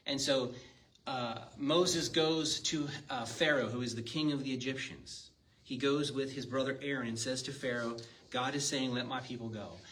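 A man's voice: medium pitch, a bit bright. Male pastor, conversational sermon delivery, heard from a distant mic over faint room noise. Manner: conversational, asks the congregation questions. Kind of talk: sermon with scripture reading.

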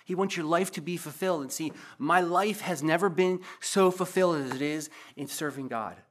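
A man's voice: on the high side, moderate pace, a bit bright. A pastor preaching a sermon in an earnest, emotional way, repeating himself as he pleads with the congregation. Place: church.

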